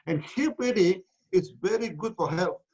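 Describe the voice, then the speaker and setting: Man, Malaysian English accent, husky, rambling with fillers, lo-fi audio. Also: high voice, expressive, moderate pace, darkish tone. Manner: rambling, repeats words, many uh and no? tags. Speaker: company founder answering questions. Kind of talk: live online Q&A.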